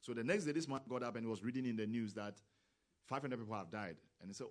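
A man preaching a sermon, who talks with grammar, acts out quoted voices and rises to loud, emphatic exclamations. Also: mid-range voice, fast talker.

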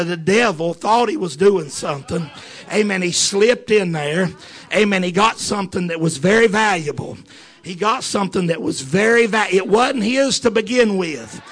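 A man preaching a sermon as a story, peppering it with amen and repeating lines as he builds to fervent shouts. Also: sits high. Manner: punctuates phrases with amen.

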